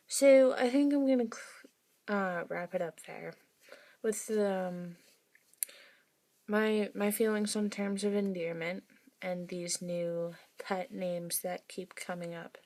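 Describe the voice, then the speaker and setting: Slow-talking woman vlogger with vocal fry. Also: medium pitch, darkish tone. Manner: rambling, wry asides. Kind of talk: casual monologue to camera.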